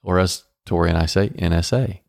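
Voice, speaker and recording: A man's voice: low voice, steady tone, a little fast, gravelly, darkish tone, no room sound, clean studio sound. A man co-hosting a casual marriage podcast, upbeat and playful, acting out little dialogues as he explains. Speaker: podcast co-host. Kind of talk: casual marriage advice chat.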